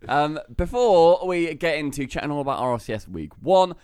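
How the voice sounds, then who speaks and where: A man hosts a podcast in loose, cheeky banter. His pitch swings about a lot as he talks. The sound is dry and close to the mic. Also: fairly quick, clean tone, no echo. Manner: cheeky, lively banter with swearing. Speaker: podcast host. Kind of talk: casual podcast chat.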